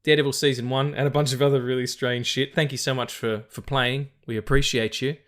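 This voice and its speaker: A man's voice: medium pitch, flat delivery, brisk, fairly bright tone. An Australian man hosting a film podcast in loose, casual chat. His voice sits in a middle range, and he rambles, restarts and swears freely. He laughs often as he talks. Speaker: podcast host.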